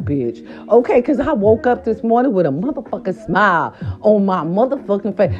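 A middle-aged woman telling a story casually to her viewers, animated and profane, repeating her filler words. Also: medium pitch, fairly quick, muffled recording, faint music behind. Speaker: vlogger.

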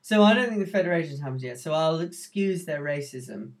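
A man co-hosting a podcast in casual chat, relaxed and wry, sometimes rambling. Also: on the high side, a little fast. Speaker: podcast co-host.

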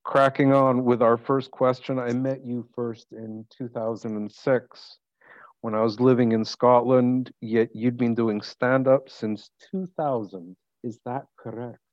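A man's voice: medium pitch, flat delivery, measured pace, dry recording, dull audio. A man hosting a casual interview, rambling and joking with enthusiasm. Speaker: podcast host.

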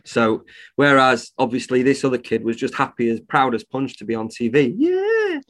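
A man's voice: medium pitch, big pitch swings, moderate pace, a bit bright. A man, a reptile shop owner, talking bluntly and indignantly as a podcast guest and swearing freely. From United Kingdom. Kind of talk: casual podcast conversation.

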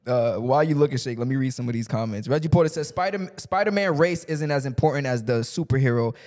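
A man's voice: medium pitch, fast, darkish tone, long reverb tail. A man co-hosting a podcast, reacting emphatically and reading comments in casual banter. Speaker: podcast co-host.

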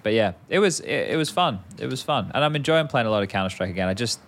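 Low-voiced man in casual podcast chat. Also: expressive, quick pace, a bit bright. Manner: rambling, swears casually. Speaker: podcast co-host.

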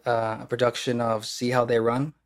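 A man's voice: mid-range voice, flat delivery, normal speed. Rambling young man from the Midwest. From Kenosha, Wisconsin, US Midwest. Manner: rambling, many fillers and restarts. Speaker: actor, podcast guest. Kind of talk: casual conversation.

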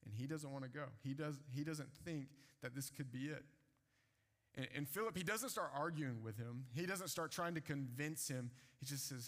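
A man's voice: mid-range voice, normal speed, fairly bright tone. A man preaching a sermon, retelling scripture in casual everyday speech. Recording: long hall reverb.

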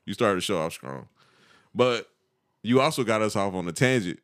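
Animated slangy man on a podcast. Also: on the low side, moderate pace. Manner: animated, slangy storytelling with acted-out quotes. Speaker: podcast co-host. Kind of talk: casual podcast chat.

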